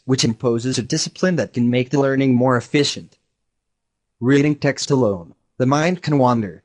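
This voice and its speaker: Male text-to-speech voice, scripted lesson narration, measured, explanatory. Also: medium pitch. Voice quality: even synthetic delivery.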